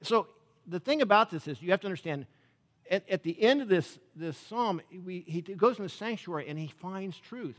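The pastor's high-pitched, fairly bright voice carries through a large hall as he preaches. He speaks to the congregation conversationally and regularly asks them questions.

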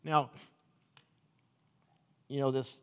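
A man's voice: medium pitch, flat delivery, extremely slow, fairly bright tone, clean tone. A male pastor giving a conversational sermon, often checking in with the congregation. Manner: chatty, asks the congregation "right?" often. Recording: long reverb of a large hall.

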